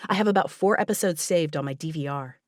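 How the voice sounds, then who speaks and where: A woman's voice: low-pitched, fast, no room sound, clean studio sound, natural voice. A woman reading the part of an enthusiastic, insistent teenage girl in an audiobook. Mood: eager. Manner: enthusiastic, emphatic. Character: teenage girl, eager and bossy friend.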